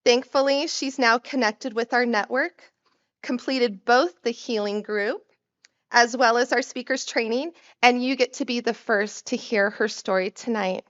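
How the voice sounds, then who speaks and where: A woman's voice: a little high, a little slow, fairly bright tone, dull audio. A woman hosting an event, reading a scripted introduction in a formal, announcing way. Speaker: event host.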